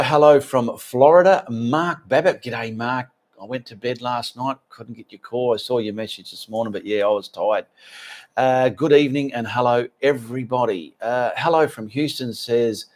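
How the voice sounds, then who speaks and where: An Australian man hosts his live art stream and talks easily with his viewers. He reads their names and comments aloud in a friendly, conversational way. His voice sits at a middle pitch. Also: darkish tone. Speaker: art channel host.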